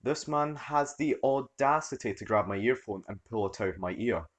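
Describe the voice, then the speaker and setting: A man reading a story aloud as its narrator, in an expressive storytelling manner. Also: mid-range voice, normal speed. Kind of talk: scripted narration.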